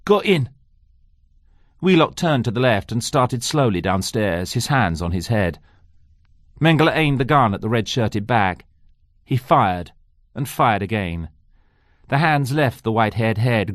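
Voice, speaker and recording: A man narrating a thriller audiobook in a measured, tense way. His delivery is slow and melodic, with a lot of pitch movement. The studio sound is close and dry. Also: no echo. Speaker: audiobook reader. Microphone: close studio mic.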